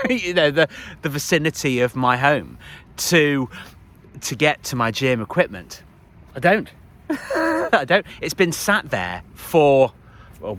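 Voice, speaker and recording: A man's voice: medium pitch, fairly bright tone. A man in his forties talking as a life coach in a casual motivational monologue, rambling with frequent restarts and laughs. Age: 40s.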